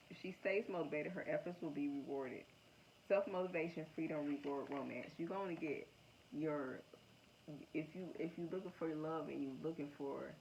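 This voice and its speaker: A woman giving a casual tarot reading to her viewers, slangy, profane and excitable, laughing often. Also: low voice, gravelly. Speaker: tarot reader. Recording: dull lo-fi sound with faint noise.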